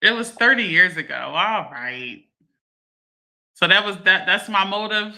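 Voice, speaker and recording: A woman, hosting a livestream and chatting to her viewers in a lively way, laughing often. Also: mid-range voice, unhurried. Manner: animated, laughing, addresses viewers as y'all. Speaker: livestream host. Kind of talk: casual chat to a live audience.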